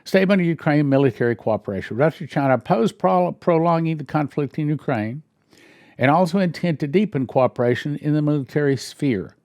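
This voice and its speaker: A church minister reading news headlines aloud and breaking in with wry, sarcastic asides and questions he thinks through out loud. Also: a little high, animated, brisk, no echo, clean studio sound.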